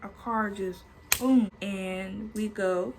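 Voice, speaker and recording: A woman's voice: medium pitch, fairly even intonation, slow, heavy background noise. A woman in her twenties telling a personal story to her vlog audience in a chatty way, swearing freely and filling her talk with "like". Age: 20s. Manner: chatty, swears freely, many filler likes. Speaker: storytime vlogger. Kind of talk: casual storytelling.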